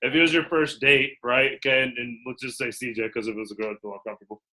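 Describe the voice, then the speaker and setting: A man training a small group of recruiters. He talks in a lively, animated way, acts out quotes and keeps checking in with "okay?" He has a bright, forceful voice at a middle pitch, and he is speaking to people in a meeting room. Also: fast talker, low-quality recording.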